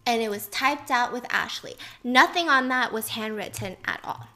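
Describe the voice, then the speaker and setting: Bright, fast-talking woman storyteller. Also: a little high. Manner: fast, animated, chatty, with fillers and asides. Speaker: storyteller host. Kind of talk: casual true-crime storytelling.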